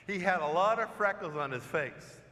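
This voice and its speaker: A priest preaches to his parish, talking through a story in an easy, chatty manner and stopping to ask questions. His voice sits high and bright. The sound carries the long reverb of a church hall. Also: animated, moderate pace, slight background noise. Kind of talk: sermon.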